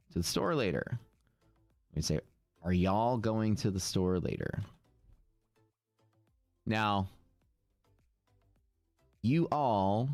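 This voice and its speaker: A man's voice: deep voice, darkish tone, no echo. A man with a Texas accent chatting casually on a live trading stream, rambling and reading viewer comments aloud. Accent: Texan.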